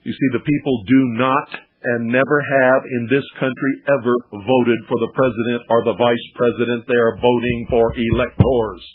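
A man's voice: mid-range voice, flat delivery, normal speed, slightly rough. A man hosting political talk radio, lecturing indignantly and firing off rhetorical questions. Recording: tinny lo-fi archived radio broadcast.

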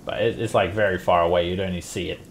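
A man narrating as game master for a tabletop game, casual and halting. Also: low-pitched, fairly even intonation, a little hiss or hum.

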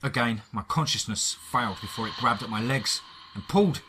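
A man with an English accent narrating a first-person horror story dramatically, with pauses and shifting loudness. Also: medium pitch, a little hiss or hum.

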